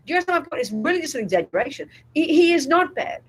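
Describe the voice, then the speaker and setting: A woman's voice: sits high, sing-song, quick pace, few pauses, rough recording. A woman, a Buddhist nun, giving a dharma talk at a retreat. She speaks bluntly and with emphasis, often checks whether the group follows her, and acts out inner voices in quotes. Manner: emphatic and blunt, asks the audience if they follow.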